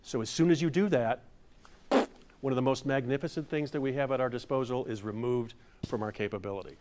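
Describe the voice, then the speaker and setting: An older male presenter running a hands-on workshop, playful and demonstrative. He coaches a room full of people through movement drills and now and then bursts into mock-grand theatrical delivery. His voice sits at an ordinary middle pitch. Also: fairly quick, darkish tone, a little hiss or hum. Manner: playful, demonstrative, acts out overblown theatrical lines. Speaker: masterclass presenter. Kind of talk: workshop lesson with audience exercises. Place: room with a live audience.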